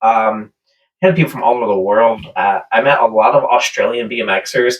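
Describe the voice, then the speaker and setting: A man's voice: on the low side, a little fast, lo-fi sound, a little hiss or hum. A man telling a rambling story in casual podcast chat, often laughing. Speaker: podcast co-host. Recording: voice a bit far from the mic.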